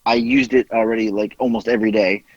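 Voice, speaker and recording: A man's voice: on the low side, steady tone, fast, slightly rough, dry recording, dull audio. A man telling a story in casual chat as podcast co-host, acting out the quoted voices as he goes.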